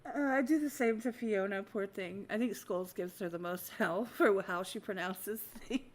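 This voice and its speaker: An American woman in her younger years chats loosely on her podcast, breaking into laughter between sentences. Her talk is blunt and full of swearing, told with lively storytelling energy. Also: medium pitch, moderate pace. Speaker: podcast host. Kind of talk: casual chat.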